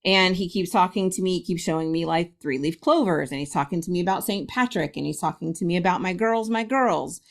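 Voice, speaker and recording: A woman's voice: on the low side, a little fast, creaky, few pauses. A middle-aged woman from Ohio, a guest medium, telling a story in a casual interview, laughing often and acting out quotes.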